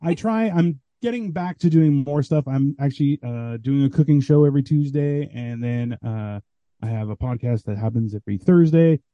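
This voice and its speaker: A man who is a guest comedian on a podcast, chatting casually and telling animated stories, acting out what people said. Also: mid-range voice, normal speed, no echo, highs cut off. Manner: animated storyteller, acts out quoted voices. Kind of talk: casual chat.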